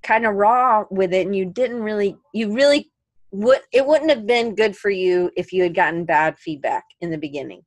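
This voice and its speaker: In a casual podcast chat, a woman co-host rambles and corrects herself along the way. Her voice is medium-pitched at a moderate pace, with no room sound.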